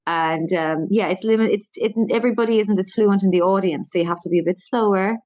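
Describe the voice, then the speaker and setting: A woman's voice: medium pitch, quick pace, a little mellow, no room sound, dull audio. A woman with an Irish accent, a stand-up comedian talking in a casual interview, rambling and self-deprecating. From Ireland.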